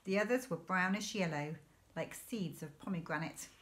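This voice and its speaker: A woman teacher reading a children's novel aloud in a clear, measured storytelling manner. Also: on the low side. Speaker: primary school teacher.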